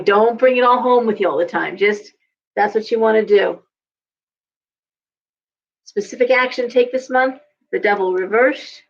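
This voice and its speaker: Chatty woman reading tarot, lo-fi. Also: mid-range voice. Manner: chatty, repeats words, coaching tone. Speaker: tarot reader. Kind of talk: casual live tarot reading.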